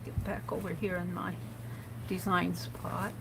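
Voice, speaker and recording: A woman's voice: lowish voice, flat delivery, a little slow, vocal fry, heavy background noise. A woman hosting a live drawing tutorial, chatting and thinking aloud as she narrates and counts each stroke. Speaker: art stream host.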